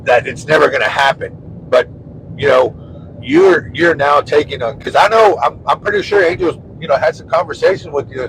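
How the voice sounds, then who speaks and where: A man with a gravelly, somewhat high voice speaks earnestly in slow, halting phrases. He hosts a casual chat from a moving car, with a faint engine rumble underneath. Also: a bit bright, poor audio. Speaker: host.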